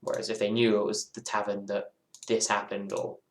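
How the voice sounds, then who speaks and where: Fairly quick and completely flat in delivery, a man with a lowish voice chats while streaming a game. His casual talk rambles and muses, circling back on itself as he interrupts himself, and the room is echoey.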